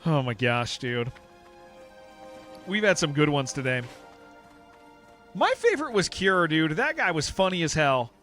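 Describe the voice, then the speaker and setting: A male game streamer talking into a desk mic, his voice a touch higher than most men's and swinging all over as he jokes. He rambles, laughs a lot and keeps tossing "dude" at his viewers. Soft music plays underneath. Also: big pitch swings, unhurried, pauses often. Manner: joking, rambling, laughs often, calls listeners "dude". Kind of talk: casual livestream chat while playing.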